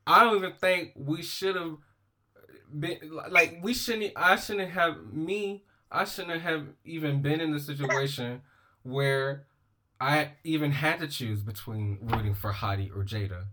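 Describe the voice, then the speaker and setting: A man's voice: a little high, a little slow, pushed and bright. A man hosting a casual chat show, rambling with many restarts and giggling. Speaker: podcast host.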